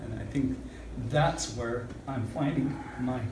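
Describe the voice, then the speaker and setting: A man from Canada giving a halting, emotional personal testimony, choking up with many pauses. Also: medium pitch. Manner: halting, pausing with "um", choked up. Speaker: retreat participant giving testimony. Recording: echoey room, far from the mic, noisy.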